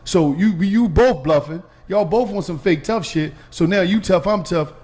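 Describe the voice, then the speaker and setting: A young man telling a comedic story in casual chat, animated and acting out his own past voice. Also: sits high, moderate pace. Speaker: storyteller on a podcast panel.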